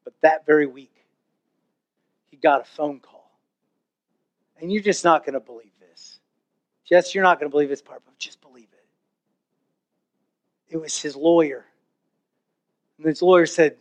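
A man, a pastor preaching a sermon and telling a story with animated emphasis. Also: a little high, unhurried, long pauses.

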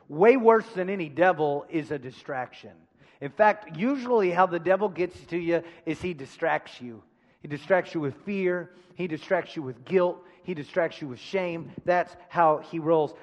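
A man's voice: sits high, long reverb tail. A male pastor preaching a sermon in a church, emphatic, repeating phrases and putting questions to the congregation. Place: church sanctuary.

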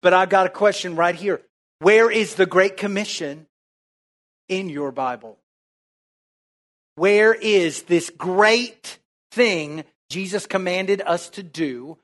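A man with a high voice preaches to his congregation. He drives each point home with repeated rhetorical questions, and his pitch climbs on the big lines. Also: slow, pauses often, a bit bright. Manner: emphatic, rhetorical questions, calls for amen. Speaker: pastor. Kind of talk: sermon.

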